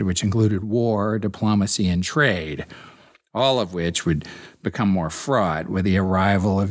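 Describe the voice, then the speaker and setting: A man hosting a solo history podcast, reading from notes with dry asides to regular listeners. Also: fairly low pitch. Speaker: podcast host.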